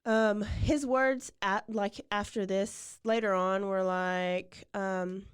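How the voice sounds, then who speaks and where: A woman's voice: medium pitch, fairly even intonation, slow, clean tone, no echo. Woman, podcast host, casual true-crime storytelling, chatty, lots of "like", dry close sound. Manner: chatty, fills with "like" often.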